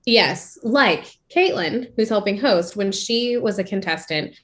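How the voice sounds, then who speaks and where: A woman's voice: medium pitch, animated, measured pace, fairly bright tone. A woman co-hosting a podcast, chatting casually and gossiping with a friend, laughing often. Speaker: podcast co-host. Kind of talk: casual chat.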